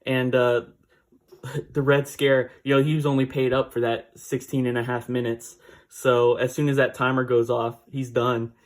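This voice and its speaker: Man, comic recap, casual, rambling, chuckling, mid pitch. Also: flat delivery, moderate pace. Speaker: comic book reviewer.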